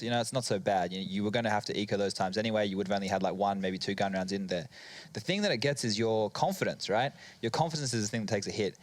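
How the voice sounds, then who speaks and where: A man analysing an esports match at a desk, explaining quickly, with frequent "you know" and "right". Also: on the low side, no room sound.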